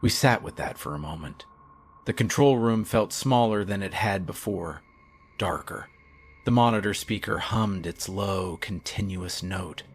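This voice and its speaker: A man reading a horror story in a measured, hushed, low-key way. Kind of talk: scripted horror narration.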